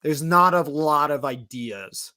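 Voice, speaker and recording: A man's voice: fairly high pitch, slow, sharp tone, no echo, studio quality. A man co-hosting a wrestling podcast in casual chat, cynical and heavy on filler words. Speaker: podcast co-host.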